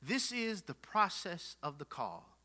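A young man preaching a sermon, dropping to hushed whispers and rising to loud shouts, acting out scripture scenes with lively dialogue. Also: sits high, slow. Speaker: pastor.

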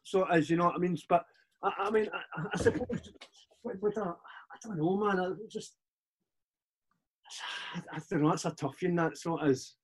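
Rambling Glaswegian man, slightly high voice. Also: breathy edge. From Scotland. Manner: rambling, halting, with many restarts and "mate". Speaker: podcast guest, DJ. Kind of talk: casual chat.

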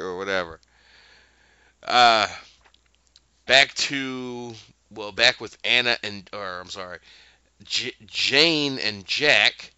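A man casually recapping a show as co-host, telling it in an animated way with many fillers. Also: on the low side, takes it slowly, pauses often, smooth, no echo, highs cut off. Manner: animated storytelling, full of fillers.

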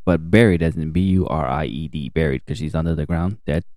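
A man's voice: very deep voice, fairly quick, darkish tone, no room sound, studio quality. A young man co-hosting a podcast, recapping a TV show in casual, crude, joking chat and acting out characters' lines.

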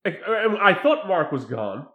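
A man in casual chat recapping a movie, animated and laughing as he acts out scenes. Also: high voice, unhurried, phone-quality sound. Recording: echoey room.

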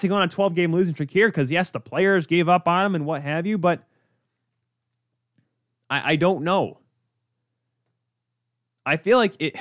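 A man's voice: fairly high pitch, fairly bright tone, dry recording, studio quality. Ranting young male podcast host. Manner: ranting, exasperated, rhetorical questions. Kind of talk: solo sports podcast rant.

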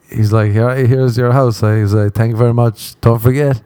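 A man's voice: on the low side, fairly even intonation, moderate pace, few pauses, warm tone, no echo. A man hosting a podcast, telling crude, rambling stories and acting out the quotes in a casual comic monologue. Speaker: podcast host.

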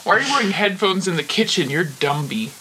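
A co-host of a mock cooking show, talking in a bossy, deadpan, contrary way in improvised comedy banter. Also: medium pitch, fairly quick, husky, low-quality recording.

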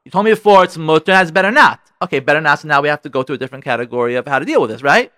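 A man's voice: fairly high pitch, lively intonation, racing, pushed and bright, no echo, studio quality. A man hosting a radio advice show, talking frankly and getting worked up as he addresses listeners directly. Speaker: radio show host giving marriage advice. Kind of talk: animated advice talk.

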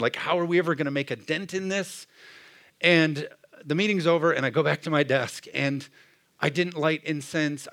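Gravelly conversational preacher, man. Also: mid-range voice, a bit bright. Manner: conversational preaching, frequent "Amen?" to the room. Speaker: pastor. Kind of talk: sermon.

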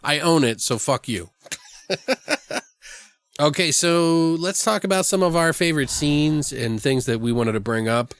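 A man co-hosting a relaxed movie chat, joking and swearing as he talks. He keeps breaking into laughter and putting on goofy voices for the characters. The sound is dry and close. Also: fairly high pitch, moderate pace, few pauses, clean tone, no room sound. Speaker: podcast co-host. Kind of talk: casual film discussion.

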